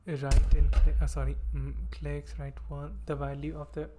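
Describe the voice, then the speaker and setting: A man's voice: fairly high pitch, little pitch movement, normal speed, background noise. A man streaming himself coding, thinking aloud as he reads code, with playful asides. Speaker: livestreamer learning web development. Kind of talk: casual coding livestream.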